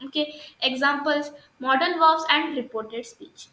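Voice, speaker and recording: A woman's voice: sits high, a little slow, pushed and bright, reverberant, poor audio. A woman with an Indian English accent teaching an English grammar lesson, hesitant, with many fillers and restarts, checking if students understood.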